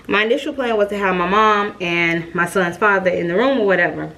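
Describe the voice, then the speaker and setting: A young woman telling a storytime vlog, chatty and lively, calling her viewers y'all. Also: medium pitch, brisk. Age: young adult. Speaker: vlogger.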